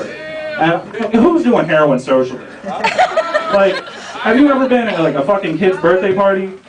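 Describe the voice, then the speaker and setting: Young male comic, high lively voice. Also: normal speed, distant mic, heavy background noise. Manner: loose, rambling delivery with deadpan punchlines. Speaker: stand-up comic. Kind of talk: stand-up set. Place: small restaurant lounge stage. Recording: roomy club sound, from off-mic, loud crowd. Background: audience laughter.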